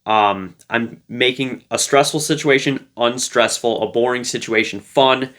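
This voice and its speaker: A man's voice: mid-range voice, steady tone, unhurried, a bit bright. A man giving casual relationship advice to camera, talking in a loose, playful way with lots of fillers. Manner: loose and conversational, full of fillers; playful, light-hearted.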